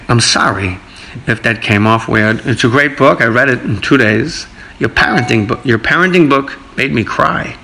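A man's voice: medium pitch, moderate pace, creaky, pushed and bright, slight background noise, poor audio. Profane wisecracking male podcast host. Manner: profane, wisecracking, reading listener mail. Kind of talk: casual comedic sports rant.

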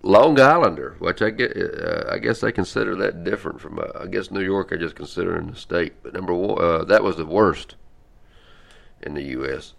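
This is a man, hosting a podcast in a loose, rambling chat. His voice sits very low and carries a gravelly fry, and he stops and restarts with plenty of fillers. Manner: rambling, halting, with many fillers. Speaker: podcast host. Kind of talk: casual chat.

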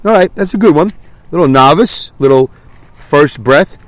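A man's voice: on the high side, expressive, moderate pace, no echo. A man hosting a solo podcast, rambling and self-deprecating, his voice stuffy from a clogged nose. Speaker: podcast host. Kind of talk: casual solo podcast monologue.

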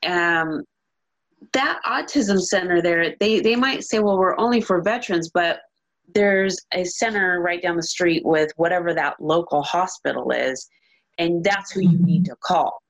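A woman's voice: fairly low pitch, low-quality recording. A woman hosting an interview in a casual, enthusiastic way, often restarting her sentences. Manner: enthusiastic, rambling, halting restarts. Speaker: podcast host.

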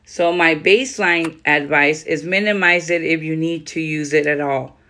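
Woman, podcast host, reads a writing guide aloud, casual asides, gets quieter as she comments. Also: deep voice, steady tone, normal speed. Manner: reads steadily, then adds loose conversational comments.

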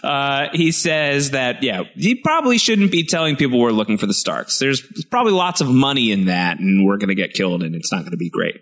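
A man's voice: medium pitch, expressive, a little fast, hardly any pauses, fairly bright tone. Rambling, jokey podcast co-host man. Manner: rambling and jokey, many fillers, playful exaggerated quoted voices. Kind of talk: casual chat recapping a TV episode.

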